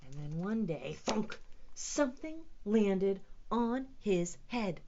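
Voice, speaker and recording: A woman working as a children's librarian, reading a picture book aloud to young children in a playful, expressive storytime manner. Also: mid-range voice, slow, highs cut off, slight background noise.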